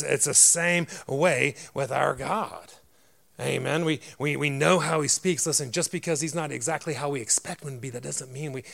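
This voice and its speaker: A man delivers a sermon in a loud, grumbly voice with a gravelly edge. He speaks directly and emphatically to the congregation. He keeps asking rhetorical questions and answers them himself. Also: mid-range voice. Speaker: pastor.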